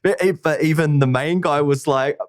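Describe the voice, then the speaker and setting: A man's voice: a little high, moderate pace, no room sound, clean studio sound. A man hosting a podcast, telling rambling, slangy anecdotes in casual chat. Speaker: podcast host.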